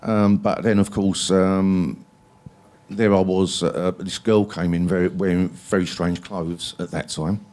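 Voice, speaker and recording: A very low-pitched man, spinning rambling stories as an interview guest. He swears freely, fills gaps with ums and uhs, and talks as though to a live audience at a library event. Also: little pitch movement, unhurried, darkish tone. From England.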